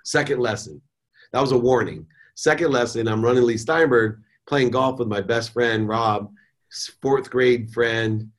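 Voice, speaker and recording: A middle-aged man, a podcast guest, telling a personal story in a candid, animated way with casual slang. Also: medium pitch, unhurried.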